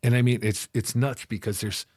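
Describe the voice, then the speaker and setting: Speaking fairly quickly with a mid-range, slightly mellow and fairly even voice, a middle-aged interview guest earnestly recounts his past. He acts out conversations with raised voices, and the studio-quality recording has no room sound.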